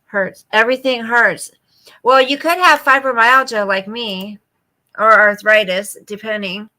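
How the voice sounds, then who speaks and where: A woman's voice: fairly high pitch, fairly even intonation, unhurried, pushed and bright. A woman in her fifties hosting a casual late-night live chat, reading viewer comments aloud and answering them. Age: 50s. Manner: coos baby talk to her dog.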